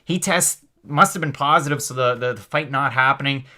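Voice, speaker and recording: A man hosting a live MMA stream, talking fast and chatty with lots of fillers while reading out the chat. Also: medium pitch. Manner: energetic, rapid, chatty with many fillers. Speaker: host of a live MMA show.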